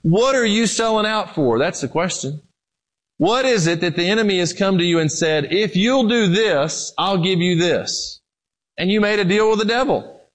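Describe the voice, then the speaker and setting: A man preaching a sermon in a conversational way, moving between loud emphasis and quiet, low passages. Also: lively intonation, moderate pace, low-quality recording.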